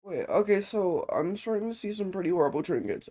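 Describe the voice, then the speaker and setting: Brisk and high-pitched, this young gamer streamer offers casual commentary on his game. His talk is animated and rambling, full of self-interruptions, and he's short of breath.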